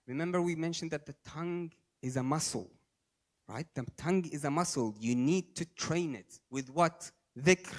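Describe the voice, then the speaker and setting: A man giving a sermon, telling stories and moving between quiet low asides and raised emphatic lines, with Arabic religious phrases mixed in. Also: moderate pace. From Australia. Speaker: speaker at a religious gathering.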